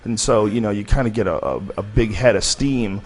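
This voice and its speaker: Casting: low-voiced male podcast host, rambling candid storyteller, swears freely. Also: fairly quick, a little mellow. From United States. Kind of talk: casual storytelling.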